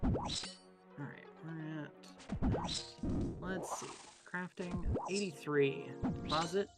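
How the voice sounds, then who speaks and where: A woman with a notably low voice talks bluntly while she plays, swearing offhand and narrating her moves. Music sits clearly in the background. Her tone stays loose and casual. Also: drawn-out words. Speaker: co-player guest. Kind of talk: casual chat while gaming.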